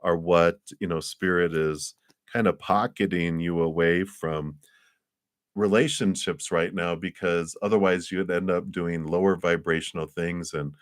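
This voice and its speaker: A man's voice: low-pitched, steady tone, a little slow, no room sound, clean studio sound. A man giving a live tarot reading, speaking in an encouraging, rambling way, often chuckling and restarting his sentences. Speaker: tarot reader.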